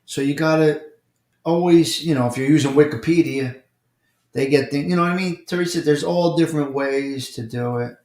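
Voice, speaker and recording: On his laid-back morning live chat, a New Yorker greets viewers by name and keeps restating his points with force. His fairly high voice moves at a moderate clip with a slightly mellow quality, and the recording carries a roomy echo.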